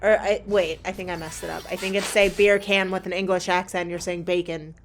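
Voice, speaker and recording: A woman's voice: lowish voice, level tone, fairly quick, faint music behind. A woman co-hosting a let's play, chatting casually through the gameplay and laughing often. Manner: giggly, chatty, frequent laughter. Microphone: shared desk microphone.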